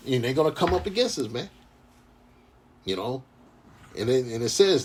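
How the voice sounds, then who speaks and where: A man preaching informally on scripture, reading verses slowly and then commenting in heated, profane slang. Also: mid-range voice, lively intonation, a little hiss or hum. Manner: gets fired up. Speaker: scripture teacher.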